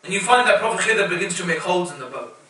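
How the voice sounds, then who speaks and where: A man's voice: high-pitched, animated, quick pace, bright, forceful tone. A man preaching a sermon with emphasis, putting rhetorical questions to his audience. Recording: echoey hall, voice from far off.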